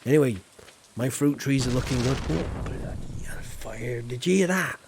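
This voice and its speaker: A gravelly-voiced man from Yorkshire who speaks with a southern English accent. He streams a farming game and chats easily and jokingly with his viewers, at an everyday middle pitch. A faint hiss sits under his voice. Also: normal speed. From Yorkshire, England. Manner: chatty, playful, talks straight to chat viewers. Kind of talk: casual live-stream chat while gaming.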